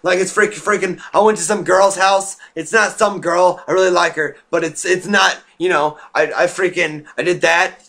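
A teenage boy vents at his camera in a loose, rambling rant full of swearing and fillers. His voice sits high. It has a bright, edgy tone. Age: teens. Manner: rambling, profane, restless, with frequent fillers. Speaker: vlogger.

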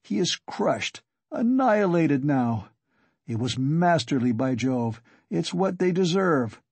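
Drunk chatty young man voiced by a male reader, husky, dry close sound. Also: on the high side, sing-song, takes it slowly, a little mellow, no echo, voice pushed up, full character voice. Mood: excited. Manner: rambling and eager. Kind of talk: audiobook character reading.

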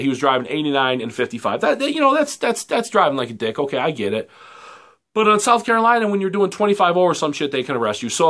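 A man's voice: mid-range voice, fairly bright tone. A man, ranting heatedly and profanely in a rambling vlog commentary. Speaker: vlogger.

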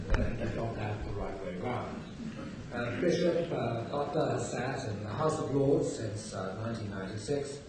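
A man hosting an event, introducing the guest speaker in a halting way with frequent pauses. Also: medium pitch. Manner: halting, many filler pauses. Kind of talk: formal introduction. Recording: echoey hall, distant mic, noise.

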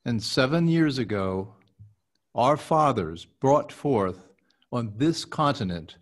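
A male podcast host reciting a historic speech slowly and deliberately, then chatting haltingly about it with his coach. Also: medium pitch. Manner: slow, measured recitation, halting in chat.

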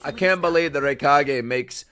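A man reacting to an anime episode live, excitable and swearing a lot as he talks back at the screen. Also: a little high, normal speed, soft background music.

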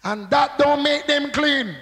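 A man's voice: extremely high pitch, slow pace, fairly bright tone, big-room sound, low-quality recording. A male pastor preaching a sermon, drawing out call-and-response with rhetorical questions and prompts to the congregation.

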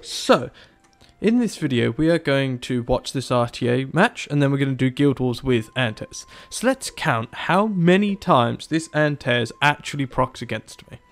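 A young man casually commentating over his gameplay, animated and exasperated, acting out his own reactions. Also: medium pitch, moderate pace. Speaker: gaming YouTuber. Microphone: desktop mic, no camera.

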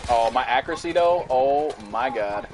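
A young man streaming a shooter game, ranting and cursing at the lag and at enemies, yelling now and then. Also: medium pitch, expressive, normal speed, background noise. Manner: profane, frustrated, rants and yells at the game. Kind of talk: live gameplay commentary. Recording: music playing behind the voice.

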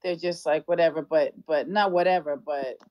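A woman's voice: low voice, steady tone, moderate pace, no echo, highs cut off. A woman singer chatting playfully with fans in an online audio room, often slipping into a sing-song voice. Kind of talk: casual online audio chat.

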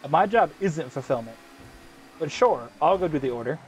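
A man's voice: fairly high pitch, animated, moderate pace, a little hiss or hum. A man hosting a gaming video, telling a long story in casual, profane chat full of slang fillers. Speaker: gaming channel host. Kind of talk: casual chat while racing in a game.

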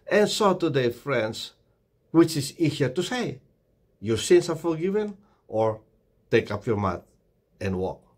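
A man's voice: mid-range voice, big pitch swings, a little slow, long pauses. A man giving a short devotional sermon, earnest and exhorting, often calling the listeners "friends". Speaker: preacher.

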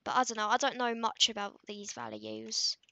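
A woman talks through her gameplay in loose, filler-heavy commentary, often trailing off self-consciously. Her voice sits a little high and comes across sharp and bright, with a gravelly fry running through it. The sound is dry and close. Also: little pitch movement, normal speed, no echo. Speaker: gaming video creator.

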